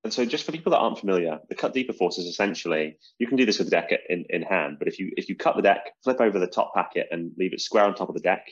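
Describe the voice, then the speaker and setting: Quick-talking husky British man. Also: sits low, animated. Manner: rambling, self-mocking, quick. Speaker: podcast host. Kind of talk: casual chat about magic. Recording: dull lo-fi sound.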